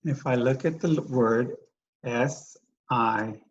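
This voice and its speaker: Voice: medium pitch, brisk, darkish tone, highs cut off, slight background noise. A teacher giving a recorded phonics lesson, speaking patiently, repeating each word and asking the listener questions. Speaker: dyslexia teacher.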